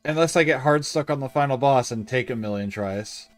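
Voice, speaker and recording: A man's voice: medium pitch, a little fast, soft background music. A young man chatting casually on a livestream as he plays a retro game, reading bits of the game text aloud. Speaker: streamer playing a retro game.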